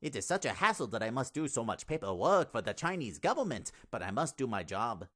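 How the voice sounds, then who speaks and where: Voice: medium pitch, sing-song, brisk, fairly bright tone. A performer voicing a fussy male guide at magic springs who sighs over his paperwork and talks formally. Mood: weary. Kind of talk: fan radio play acting.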